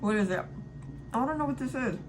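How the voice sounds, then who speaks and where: A woman's voice: a little high, lively intonation, fairly quick, slight background noise. A young woman chatting casually to camera as a beauty vlogger, upbeat and talking while she eats, at home by a window.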